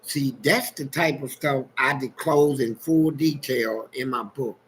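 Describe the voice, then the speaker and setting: A man's voice: medium pitch, a little slow, slight background noise, poor audio. A man telling frank, streetwise stories in a casual livestream chat and laughing along as he goes. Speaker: guest storyteller on a livestream.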